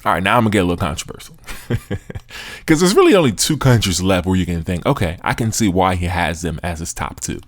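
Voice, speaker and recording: A man's voice: low-pitched, lively intonation, fairly quick, no room sound. A young American man hosting a sports podcast, talking casually and with animation, with slang and frequent laughs. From United States. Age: young adult. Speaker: podcast host.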